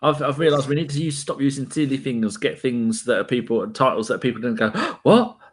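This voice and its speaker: A man's voice: medium pitch, steady tone, quick pace. A man, co-hosting a casual podcast chat, joking and laughing often. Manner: jokey, laughs often, banters. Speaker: podcast co-host.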